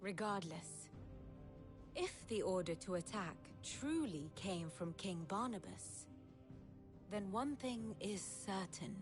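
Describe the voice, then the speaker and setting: Vivian, a wry learned advisor. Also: female voice, medium pitch, lively intonation. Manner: measured, wry, explanatory. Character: sly learned woman advisor. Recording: game music behind.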